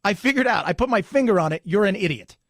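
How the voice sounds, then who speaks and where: A man hosting a talk radio show, animated and sarcastic, pushing his pitch up and down for emphasis. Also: quick pace, no echo, studio quality. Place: radio studio. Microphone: studio microphone.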